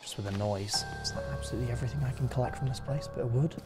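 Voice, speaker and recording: A young man giving excitable, jumpy gameplay commentary, yelping when startled and talking to his horse. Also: mid-range voice, racing, loud music behind the voice. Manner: jumpy, excitable, talks to his horse, sudden yelps of fright. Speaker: gaming YouTuber.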